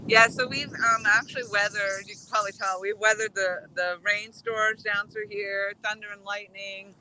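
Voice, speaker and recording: Excitable woman outdoors in the wind. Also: medium pitch, moderate pace, rough recording. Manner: excitable, narrating what she sees. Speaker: angler vlogger. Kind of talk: casual outdoor vlogging. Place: on a boat or dock outdoors. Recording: wind noise on the mic outdoors.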